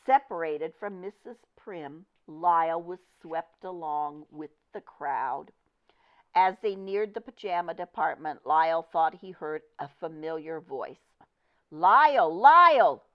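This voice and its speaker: A woman reading a children's picture book aloud with expressive, deliberate storytelling. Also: sits low. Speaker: storybook reader. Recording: dull lo-fi recording.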